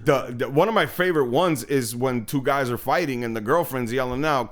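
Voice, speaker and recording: A man's voice: medium pitch, brisk, fairly bright tone. A man from New York co-hosting a podcast, talking through a movie in a loose, rambling way with lots of fillers and casual swearing. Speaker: podcast co-host. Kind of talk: casual movie-review chat.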